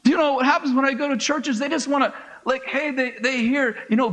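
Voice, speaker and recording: Preaching with a strikingly high voice, a middle-aged pastor speaks fairly quickly in an animated, conversational way. He acts out little exchanges and laughs at his own asides, and the recording is rough.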